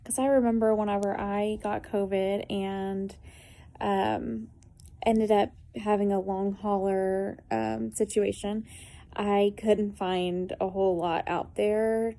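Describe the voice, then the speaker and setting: A woman's voice: mid-range voice, flat delivery, takes it slowly, mellow. A woman in her thirties talking casually and earnestly to camera, with many fillers, about something she lived through. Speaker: vlogger sharing a personal story. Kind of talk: casual spoken testimony to camera.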